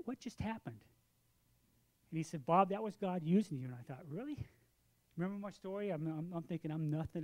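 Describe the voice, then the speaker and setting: A man in his sixties preaching a sermon, telling a story with lively acted-out dialogue, then turning quiet and earnest for the lesson. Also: fairly high pitch. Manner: animated storytelling, acts out both sides of a conversation.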